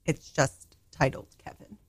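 A woman playing a deadpan mother in a comedic radio bit, with a dry, understated delivery. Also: unhurried, no room sound, lightly acted. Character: deadpan mother of a grown son.

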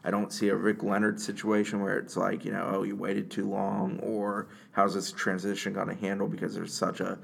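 A man co-hosting a casual sports podcast, giving measured, matter-of-fact analysis of players and recruiting. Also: lowish voice, completely flat delivery, creaky, breathy edge. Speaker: co-host, sports reporter.

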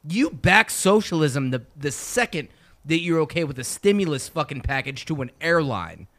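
A man with a fairly high voice ranting in a casual podcast conversation. He swears nearly every sentence and pushes his points hard and angrily. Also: sing-song, normal speed, a bit bright. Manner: profane angry ranting. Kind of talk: heated casual chat.

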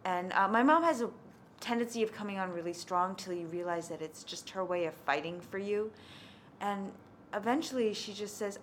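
A woman's voice: mid-range voice, normal speed. A woman tells a personal story in a candid, conversational manner, with a mid-range voice. There is a faint hum of noise behind her. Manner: conversational, candid, lively in quoted speech.

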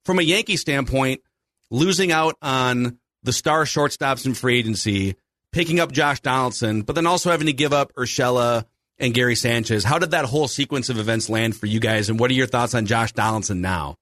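A man's voice: mid-range voice, fairly quick, a bit bright, no echo. Dry, close-miked man breaking down baseball. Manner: chatty, analytical. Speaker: podcast host. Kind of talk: casual sports chat.

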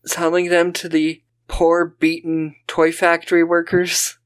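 High-voiced man riffing on a movie. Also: a little slow, clear, resonant tone. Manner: animated, swears, does mocking voices of characters. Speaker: podcast co-host. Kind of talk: casual movie-riffing chat.

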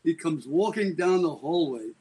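A man's voice: fairly high pitch, lively intonation, normal speed, warm tone, breathy edge. A man being interviewed as a guest, telling a dramatic, rambling story.

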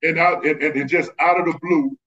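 A man's voice: a little high, brisk. Man from Texas telling stories, muffled audio. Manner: animated, acts out quoted voices. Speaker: guest, former basketball player. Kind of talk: casual storytelling.

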